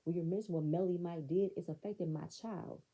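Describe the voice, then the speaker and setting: A woman's voice: fairly low pitch, steady tone, fast talker, warm tone, breathy edge, rough recording. A woman recapping a reality show in blunt, sassy, profane commentary. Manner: blunt, sassy, profane, talks back to the screen.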